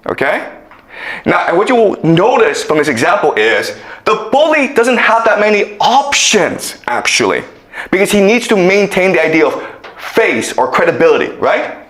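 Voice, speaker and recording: A man giving a classroom lecture as a story, acting out the quoted characters and often asking "okay?" to check in. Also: a bit bright. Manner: acts out quoted kids in higher voices. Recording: echoey lecture room.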